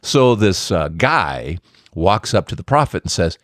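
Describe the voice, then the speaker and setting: A man hosting a Catholic faith talk who tells stories in an animated, joking way. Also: on the low side, measured pace, dry recording, clean studio sound. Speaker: Catholic speaker and podcast host.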